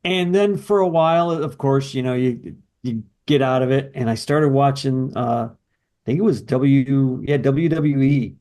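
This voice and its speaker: A man's voice: medium pitch, unhurried, warm tone. A man co-hosting a casual podcast chat, telling stories with eager enthusiasm. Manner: enthusiastic, nostalgic storytelling. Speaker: podcast co-host.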